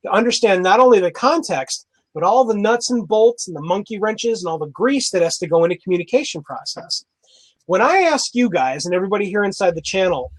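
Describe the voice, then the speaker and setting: A man in his forties from Wisconsin, telling rambling, animated stories as a guest on a video call. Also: high-pitched, brisk, dry recording, poor audio. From Wisconsin, USA. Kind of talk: casual chat.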